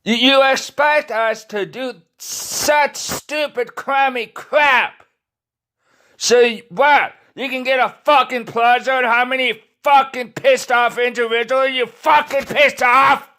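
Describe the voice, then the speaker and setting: Very high-voiced man ranting angrily. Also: fairly even intonation, takes it slowly, pushed and bright, clean tone. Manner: furious, swearing constantly, stumbling restarts. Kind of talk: angry profane rant to camera.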